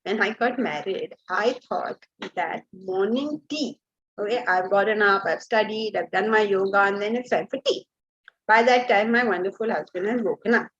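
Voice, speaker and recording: A woman giving a class lecture as a Vedanta teacher, lively and asking her students rhetorical questions. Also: medium pitch, moderate pace, lo-fi sound.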